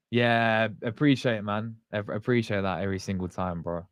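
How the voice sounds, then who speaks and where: A man's voice: lowish voice, normal speed, few pauses, smooth, no echo, studio quality. Slangy man chatting on a livestream. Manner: chatty and slangy, rambling with restarts. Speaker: fan channel host. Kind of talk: casual livestream chat with viewers.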